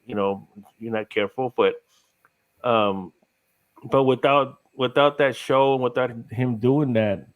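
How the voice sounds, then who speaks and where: A man's voice: mid-range voice, takes it slowly, narrow, tinny audio. A middle-aged man from Texas, a guest on a podcast, chatting casually in a rambling way, laughing often and saying "you know" a lot. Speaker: guest, paranormal investigator.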